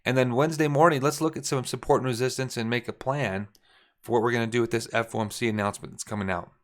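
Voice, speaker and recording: A forex trading coach leads a casual chart walkthrough, thinking out loud, correcting himself partway through sentences, and speaking directly to viewers in a relaxed coaching tone. His voice is middle-pitched and his pace quick.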